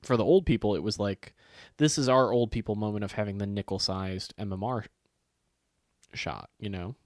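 A man's voice: on the low side, moderate pace, no echo, clean studio sound. A man co-hosting a casual chat, telling stories with acted-out quotes and plenty of swearing. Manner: animated storytelling, swears freely, acts out quotes.

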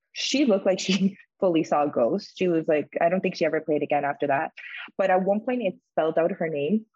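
A woman's voice: lowish voice, husky, dry recording, dull audio. Chatty woman telling a spooky story. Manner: chatty, many fillers, lively re-enacted quotes. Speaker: podcast co-host. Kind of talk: casual storytelling.

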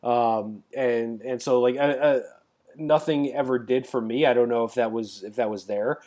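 A man's voice: mid-range voice, fairly even intonation, normal speed, darkish tone. A man co-hosting a podcast in casual chat, rambling along with many fillers and restarts. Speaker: podcast co-host.

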